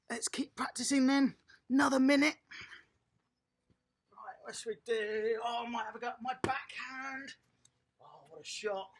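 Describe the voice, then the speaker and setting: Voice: medium pitch, vocal fry, bright, forceful tone, husky. An upbeat adult tennis coach, running an online class for small children and cheering them on by name.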